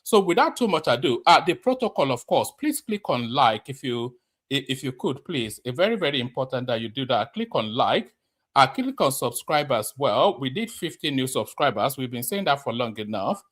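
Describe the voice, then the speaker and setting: Male streamer, casual rambling commentary, slightly breathless, mid-pitched. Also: big pitch swings, normal speed, a bit bright. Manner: rambling, many fillers and restarts. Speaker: commentator host.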